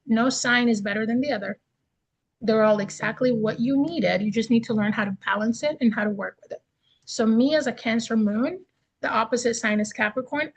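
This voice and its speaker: A woman teaches a casual online class in a husky, fairly high voice. She runs through lists of terms and then riffs on them with chatty, everyday examples. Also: poor audio. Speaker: astrology teacher.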